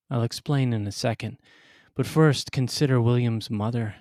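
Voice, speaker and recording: A man hosting and telling a scripted personal story, with wry, dramatic delivery and pointed pauses. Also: medium pitch, a little mellow, no room sound, clean studio sound. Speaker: storyteller and podcast host.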